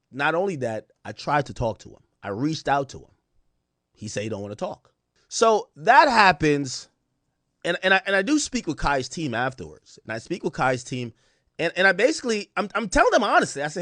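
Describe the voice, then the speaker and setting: A man casually telling a long story to his stream viewers, acting out quotes in a lower voice. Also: normal speed, no room sound. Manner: animated, recounts quotes in lower voice. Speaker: commentator.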